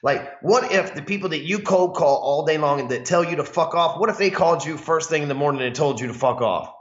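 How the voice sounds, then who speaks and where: A man, a sales coach, talking casually to camera about his goals. He is blunt and profane, calls himself hot-headed, and acts out callers with sudden loud jumps in pitch. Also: fairly quick. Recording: echoey room, dull lo-fi sound.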